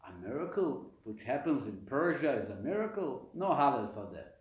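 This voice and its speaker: A rabbi leads a live weekly Torah class, animatedly posing questions and answering them himself, often restarting his sentences. His voice is medium-pitched at a moderate pace, and the room is echoey with a dull, lo-fi sound.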